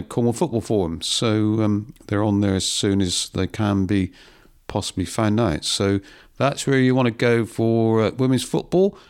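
A man's voice: fairly low pitch, darkish tone, clean tone. A man co-hosting a local football show, reading out fixtures in casual chat and padding with ums and uhs. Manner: hesitant, pads with ums and uhs.

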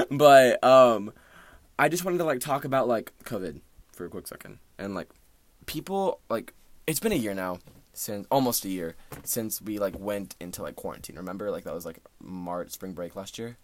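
Teen male podcaster, animated filler-heavy chatter, bouncy pitch, dry closet recording. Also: moderate pace, no room sound. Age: teenager. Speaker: podcast host. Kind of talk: casual solo podcast chat. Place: small closet indoors.

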